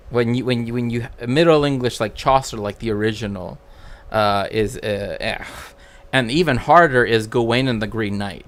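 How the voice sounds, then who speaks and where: Man streamer, unhurried, rambly, filler-heavy casual chat. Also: on the low side, a bit bright. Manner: rambling, many fillers and restarts.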